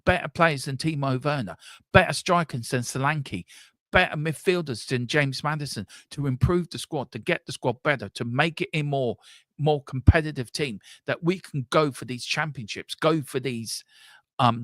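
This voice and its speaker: A man rants on a live football fan stream, angry and sweary, circling back over the same points again and again. His voice sits at a middling pitch. The sound is dry and close, with no room around it. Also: fairly bright tone, no echo. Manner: angry, sweary, repetitive ranting. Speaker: fan channel host.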